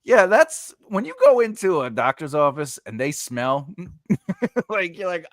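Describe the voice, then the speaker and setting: A man's voice: a little high, sing-song, unhurried, no room sound. A man hosting a live stream, chatting casually, rambling with many fillers and frequent laughter. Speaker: host.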